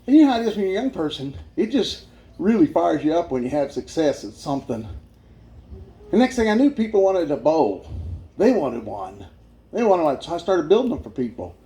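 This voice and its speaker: Lively high-voiced man telling a funny story. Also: a little fast. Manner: animated storyteller, laughing often. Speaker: guest speaker giving his testimony. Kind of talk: humorous life-story testimony.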